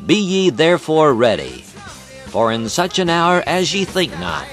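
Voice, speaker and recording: A man voicing a grave, mysterious male stranger who speaks only in archaic scripture, in a measured, solemn way. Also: fairly high pitch, huge pitch swings, soft background music, voice pushed up.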